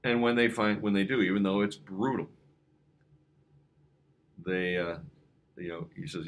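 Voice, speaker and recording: A man's voice: low-pitched, level tone, unhurried, pauses often. A man preaching a conversational evening devotion as a pastor, talking loosely with frequent fillers and restarts. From United States. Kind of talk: informal devotional sermon.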